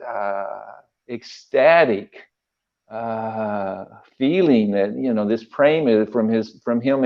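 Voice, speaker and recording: Older man, emotional storyteller, halting with fillers, dull lo-fi sound. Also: fairly low pitch. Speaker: guest recalling memories. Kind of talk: casual storytelling interview.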